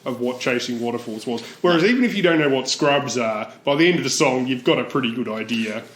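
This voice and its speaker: A man's voice: mid-range voice, expressive, fast. A man co-hosting a podcast, talking in a wry, easy manner and chuckling often. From Australia. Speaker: podcast co-host. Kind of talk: casual chat. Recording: echoey room.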